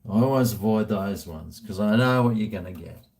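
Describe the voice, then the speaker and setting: A man's voice: on the low side, moderate pace, darkish tone. A middle-aged Australian man chatting casually, rambling and joking crudely. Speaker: vlogger answering viewer questions. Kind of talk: casual chat.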